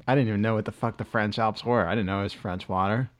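A man's voice: lowish voice, brisk. Rambling, profane man. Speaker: podcast co-host. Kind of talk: casual chat.

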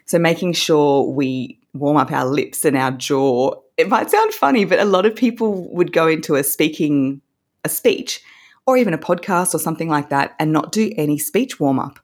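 A woman with a low, animated voice speaks at a normal pace. She's a voice coach appearing as an interview guest, describing her course in an upbeat, instructive way and demonstrating vocal techniques.

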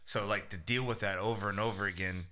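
A man in a casual podcast chat, tossing in quick joking asides. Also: fairly low pitch, steady tone, bright, forceful tone. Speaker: podcast co-host.

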